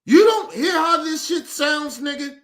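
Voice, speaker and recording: High bright-voiced guy doing a slow, incredulous, cussing reaction rant. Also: animated. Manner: incredulous, profane ranting. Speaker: streamer reacting to a clip. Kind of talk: reaction commentary.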